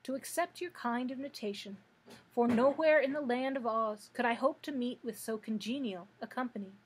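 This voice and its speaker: A woman's voice: a little high, normal speed, slightly rough. Woman doing the pompous Wogglebug. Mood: polite. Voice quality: wordy and formal. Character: pompous learned giant male insect.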